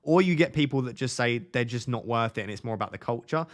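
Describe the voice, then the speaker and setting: Young male streamer, mid-pitched, casual and chatty, answers live chat. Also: animated, fast talker. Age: 20s. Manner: chatty, reads viewer comments aloud and answers them.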